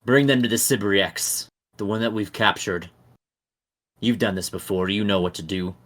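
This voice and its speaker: A man voicing an imperious male devil lord who speaks in a low, measured, domineering way. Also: steady tone, a bit bright. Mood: commanding.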